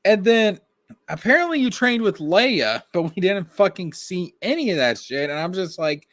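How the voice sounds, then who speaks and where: A man in casual chat, ranting with animated, profane mock outrage. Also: high-pitched, normal speed, no room sound, clean studio sound. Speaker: podcast co-host.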